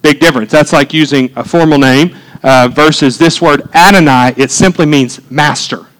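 A man's voice: on the high side, normal speed, fairly bright tone, poor audio. A man preaching a conversational sermon as pastor, building to fervent emphasis.

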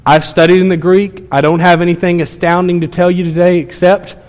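Preaching in a church sanctuary with long hall reverb, a male pastor tells stories to his congregation in an emphatic, conversational sermon. His voice sits high with a darkish tone and flat delivery, and he speaks a little fast.

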